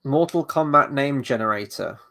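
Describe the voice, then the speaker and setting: A man's voice: medium pitch, animated, normal speed, gravelly, bright, forceful tone. A man hosting a live movie watchalong, rambling casually, swearing, and answering chat questions. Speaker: host.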